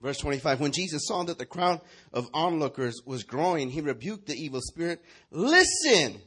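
A man's voice: on the high side, brisk, husky. A man preaching a sermon as pastor, emphatic and repetitive, calling out lines for the congregation to repeat.

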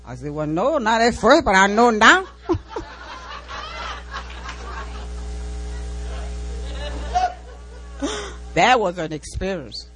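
A woman's voice: medium pitch, sing-song, normal speed, few pauses, bright, forceful tone, rough recording. A woman preaching an informal sermon and sharing a personal testimony, in a folksy way that repeats key lines and breaks into laughter between phrases. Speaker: church speaker giving a testimony.

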